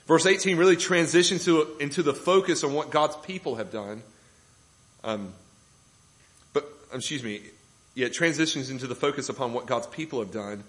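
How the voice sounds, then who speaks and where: A man's voice: medium pitch, poor audio. A man preaching a sermon to a congregation, building emphasis with rhetorical questions. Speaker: pastor. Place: church room with congregation.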